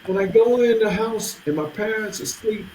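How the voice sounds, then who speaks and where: Older man, musician guest, vivid storyteller who does the voices; fairly high voice, echoey space. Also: a little fast. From New Jersey. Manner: animated storyteller, acts out quoted voices. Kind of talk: interview storytelling. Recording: roomy with faint noise.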